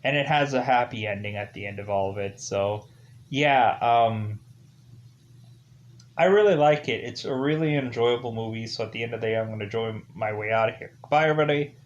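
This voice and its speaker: A man's voice: on the low side, fairly quick, highs cut off. A man reviewing a movie in a casual, rambling way, leaning on fillers like "like" and "ultimately". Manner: rambling, heavy use of "like" and "ultimately".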